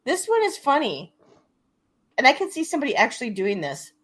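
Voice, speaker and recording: A woman's voice: high-pitched, huge pitch swings, fairly quick, a bit bright, slightly rough. A woman hosting a comedy podcast in casual chat, giggly and often laughing as she reads items out. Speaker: podcast host.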